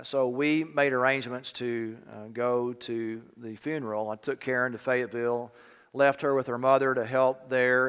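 A man's voice: medium pitch, a bit bright, clean tone. Preaching man in a reverberant church. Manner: storytelling, rising to emphatic preaching. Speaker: pastor. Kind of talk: sermon.

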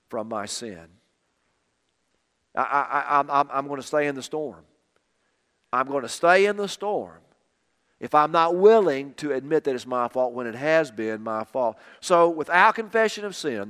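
A man preaching a sermon with emphatic, repeated phrases, dropping quiet on key lines. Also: fairly high pitch, smooth. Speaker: pastor. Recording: long reverb of a hall.

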